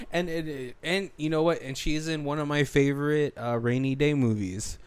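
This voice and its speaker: On a studio mic, a man with a smooth, fairly high voice speaks at a measured pace as co-host of a movie commentary podcast. The chat is casual, and he rambles with plenty of fillers and frequent laughter.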